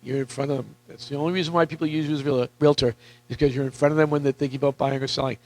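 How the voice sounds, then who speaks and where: A man coaching real estate agents in a live seminar, energetic and repetitive, questioning the audience, with a voice that is wearing out. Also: mid-range voice, rapid-fire, low-quality recording. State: losing his voice.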